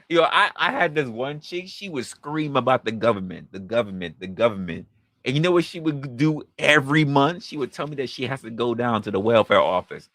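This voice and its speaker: A man's voice: medium pitch, a little fast, no echo, clean studio sound. A man hosting a live stream, reacting to chat and telling a story with a lot of swearing, voicing the people in it, while he drinks. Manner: profane, animated storytelling with voiced quotes. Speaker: podcast host.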